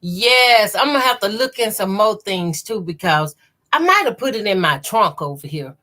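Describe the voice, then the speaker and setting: A woman's voice: medium pitch, animated, normal speed, sharp tone. A woman with a Southern accent hosting a live sewing stream, greeting viewers by name and reading their comments aloud. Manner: says y'all a lot. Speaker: quilting channel host.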